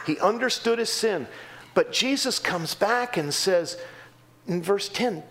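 High-voiced preacher guy, super animated, jumps way up for the quotes. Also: measured pace. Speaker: pastor. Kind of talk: sermon.

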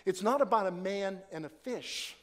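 A man preaching a sermon with great drama, swinging between hushed whispers and shouted praise and acting out quoted prayers. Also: high-pitched, moderate pace, long reverb tail. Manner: acts out quoted prayers with rising passion.

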